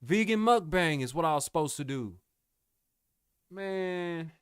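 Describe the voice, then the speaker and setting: A man's voice: on the high side, expressive, a little slow, smooth, no echo, studio quality. A young man chatting casually with his live-stream viewers, laid-back and slangy, calling them bro and y'all. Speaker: music producer streamer.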